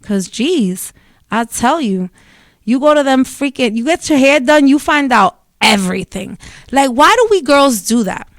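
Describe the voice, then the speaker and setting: A woman's voice: sits high, lively intonation, measured pace, dry recording, studio quality. A young woman, talking casually and bluntly to her viewers, rambling and swearing freely. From Dominican family in New York. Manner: blunt, profane, rambling storytelling. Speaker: vlogger. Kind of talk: casual monologue to camera.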